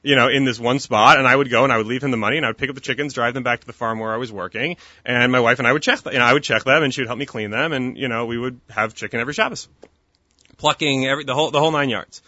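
A bright-toned man in his thirties speaks earnestly and at length as a guest, often restarting his sentences. The sound is dry and slightly dull, like a lo-fi podcast. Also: medium pitch, steady tone, racing, no echo. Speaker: guest, kosher meat company founder. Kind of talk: casual interview chat.

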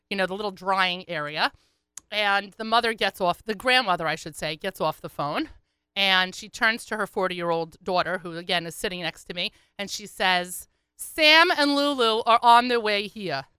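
Brief: animated woman storyteller, radio host, crisp and bright, dry mic. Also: mid-range voice, moderate pace, dry recording. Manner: animated, chatty, laughing asides. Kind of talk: comic storytelling.

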